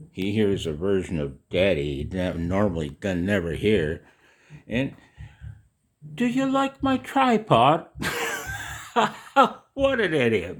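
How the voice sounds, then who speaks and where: A middle-aged man with a very deep, low voice rambles on to his viewers in a loose, chatty monologue. He takes his time, drawing the words out slowly, and sprinkles in swearing and jokes at his own expense. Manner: chatty, profane, self-mocking. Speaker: video maker.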